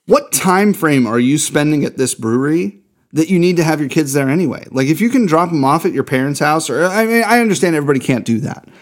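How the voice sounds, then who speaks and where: A man's voice: on the high side, animated, fast. A man co-hosting a beer podcast, talking in a heated, emphatic way with plenty of swearing. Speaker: podcast co-host. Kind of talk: casual podcast rant.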